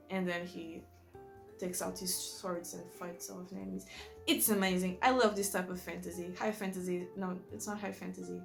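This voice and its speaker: A book vlogger with a creaky, medium-pitched voice chats casually about books, rambling enthusiastically. English isn't her native language, and she often corrects herself.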